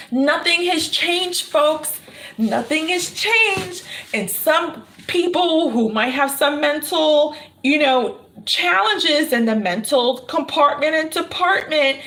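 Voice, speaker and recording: Woman tarot reader talking spiritual stuff to her viewers, high voice, slow and easy, says things twice, lots of little laughs. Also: animated, a bit bright. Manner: emphatic, repeats phrases, laughs often. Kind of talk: casual spiritual talk to viewers.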